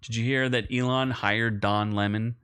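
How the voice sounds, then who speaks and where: A young man co-hosts a podcast, chatting casually about a film in a movie review. His clear, resonant, lowish voice moves at normal speed as he rambles, cuts himself off mid-sentence and gets animated when excited.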